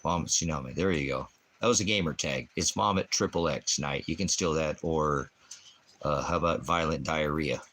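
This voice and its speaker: A man with a deep, low voice rants on a livestream, hurling profane insults at people in his chat. He mocks them with crude jokes, then cuts into talk about scripture. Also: normal speed, a bit bright. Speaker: livestream ministry host. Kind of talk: livestream rant answering chat.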